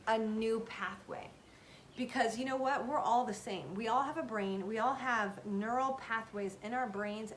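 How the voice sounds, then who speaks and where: A woman's voice: on the high side, slight background noise. Earnest, emphatic woman giving motivational talk. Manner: earnest, emphatic, repeats phrases for stress. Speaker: self-help video host. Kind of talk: casual motivational talk to camera.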